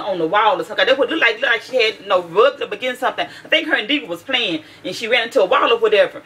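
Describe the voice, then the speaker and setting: A woman's voice: fairly high pitch, fairly bright tone, low-quality recording. A mother telling a heated, profane story about her teenage daughter in a casual vlog, with lots of restarts.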